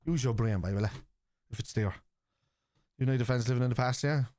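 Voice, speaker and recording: A man with a Scouse accent hosting a live football watchalong stream, reacting to the match and arguing bluntly with viewers in the chat, swearing freely and yelling out players' names. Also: mid-range voice, a little fast, dry recording.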